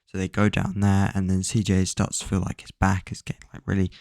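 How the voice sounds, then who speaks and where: Low, gravelly young guy for a loose, swear-dotted book recap, dry close mic. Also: completely flat delivery, fairly quick, a little mellow, no room sound. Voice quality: rambling, filler-heavy, swears casually. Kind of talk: casual plot recap.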